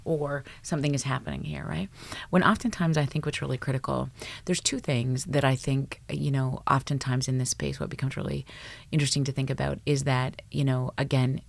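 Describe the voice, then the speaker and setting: A middle-aged woman psychologist, a guest on a podcast, who talks in an animated way, swears freely and acts out bits of dialogue. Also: rumbling low, brisk, gravelly, hardly any pauses, no room sound. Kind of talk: casual podcast conversation.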